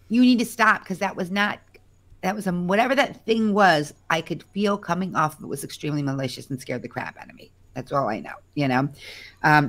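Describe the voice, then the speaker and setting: A woman guest telling her own story in a live chat, rambling and correcting herself, lively when she quotes others. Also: low-pitched.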